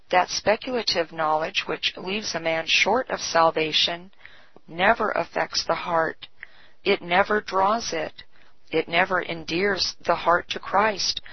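A woman reads old devotional texts in a slow, solemn, measured cadence. Her voice sits low and husky, with a breathy edge. The recording is dull and lo-fi, and it sounds close and dry. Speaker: devotional reader. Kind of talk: scripted devotional reading.

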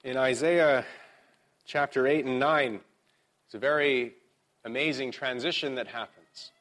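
A middle-aged man preaching a sermon as pastor, talking in a relaxed, conversational way with frequent filler words and slowing down to stress key words. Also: mid-range voice. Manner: reads slowly, with rising emphasis.

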